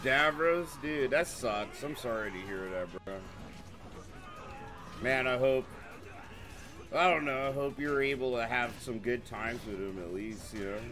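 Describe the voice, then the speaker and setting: A man's voice: mid-range voice, unhurried, pauses often. A man chatting casually on a commentary stream, laid-back, swearing constantly and laughing often. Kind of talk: casual profane chat.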